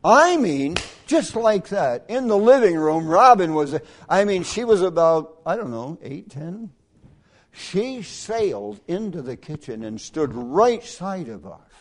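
Folksy preacher man, hushed to shouting. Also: high-pitched, sing-song, slow pace. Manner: folksy storyteller, swings from hushed to loud and emphatic. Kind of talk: sermon with personal anecdotes.

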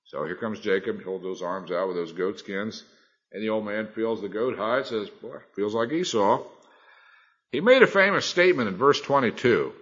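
A man's voice: lowish voice, lively intonation, brisk, fairly bright tone, breathy edge, muffled recording. A middle-aged man, a Bible teacher, preaching a sermon in a folksy, colloquial storytelling manner.

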